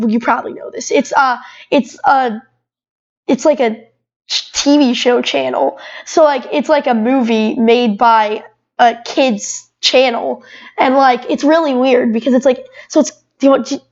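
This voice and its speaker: A woman's voice: sits high, moderate pace, dull audio. A twelve-year-old girl who is a guest on a podcast. She chats casually and rambles, with lots of "like" and restarts. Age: 12 years old. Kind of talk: casual chat.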